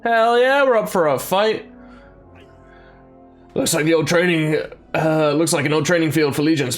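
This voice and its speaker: A man giving casual, jokey let's-play commentary and reading game text aloud. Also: fairly high pitch. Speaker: gaming YouTuber. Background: game soundtrack music.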